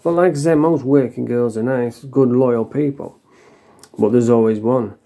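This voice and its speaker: A man's voice: mid-range voice, moderate pace, vocal fry, mellow. A man telling a personal story to camera in a blunt, sweary, frank way. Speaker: vlogger. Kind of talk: casual storytelling monologue.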